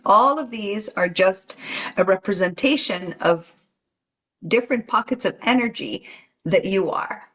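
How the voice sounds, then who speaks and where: A woman talking earnestly about staying calm while traveling, teaching and acting out the anxious voices in your head. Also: mid-range voice, low-quality recording. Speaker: guest channeler. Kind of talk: spiritual podcast talk.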